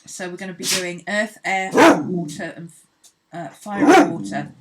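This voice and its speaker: A woman's voice: medium pitch, lively intonation, normal speed, crowd noise. A woman hosting an art channel, chatting casually and rambling cheerfully as she sketches. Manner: chatty, rambling, laughs easily. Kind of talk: casual chat while sketching.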